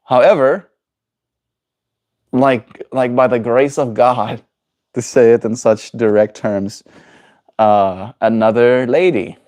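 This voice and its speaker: A low-voiced man with a mellow, relaxed tone talks to his livestream chat. His delivery is casual and rambling, with playful asides as he answers viewers. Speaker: daily streamer.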